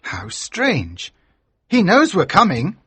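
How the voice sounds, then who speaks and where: A man doing a jittery high-voiced gentleman. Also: wildly swooping pitch, slow, husky, dry recording, full character voice. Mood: fussy. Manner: high, fluttery and anxious. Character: nervous, excitable fussy gentleman. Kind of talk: story reading for English learners.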